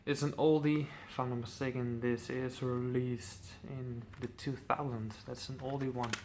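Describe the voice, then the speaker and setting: A man's voice: medium pitch, level tone, normal speed, a little mellow, slight background noise. A man casually presenting his metal CD collection, enthusiastic, swearing freely, with lots of ums.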